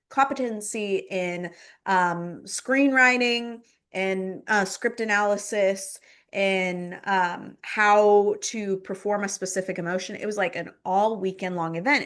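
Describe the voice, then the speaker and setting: A woman's voice: mid-range voice, fairly bright tone. Woman recounting her story, rambling. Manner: rambling, filler-heavy speech with frequent "like" and "um"; repeats phrases for emphasis. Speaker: podcast guest. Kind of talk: personal storytelling in conversation.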